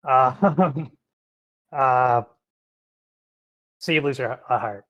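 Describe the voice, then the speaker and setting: A man's voice: mid-range voice, muffled recording. A man running a tabletop role-playing game as game master, narrating with lots of ums and frequent laughter. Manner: laughs often, many ums, quick voice changes for characters.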